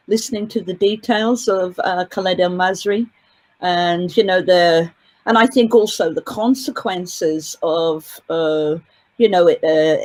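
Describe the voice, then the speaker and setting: A woman's voice: fairly low pitch, a little mellow, poor audio. A woman giving a casual interview as a guest commentator, talking in long winding sentences with many fillers and restarts. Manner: hesitant, with frequent fillers. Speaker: guest commentator on a court case.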